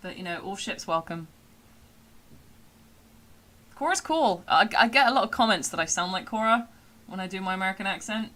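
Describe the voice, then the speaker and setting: Bright-voiced Somerset woman streamer. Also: mid-range voice, expressive, fast talker. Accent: Somerset English. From England. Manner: chatty and rambling, with frequent fillers and laughs. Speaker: streamer and voice actor. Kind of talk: casual live-stream chat.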